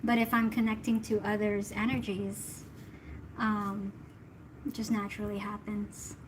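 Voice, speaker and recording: A woman's voice: medium pitch, flat delivery, a little slow, noisy background. A woman from the Philippines, a tarot reader chatting casually with her livestream viewers in a giggly, talkative way.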